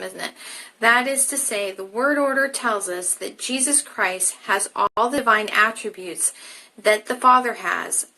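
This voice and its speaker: Bright-voiced woman teaching Bible study. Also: mid-range voice, low-quality recording. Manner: explains casually, then reads passages aloud with restarts. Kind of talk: live-streamed Bible study.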